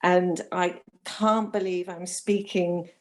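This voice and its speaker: A woman's voice: fairly low pitch, little pitch movement, slow. A woman from London calling in, emotional and hesitant, close to tears, with many restarts. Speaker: caller. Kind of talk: phone-in call.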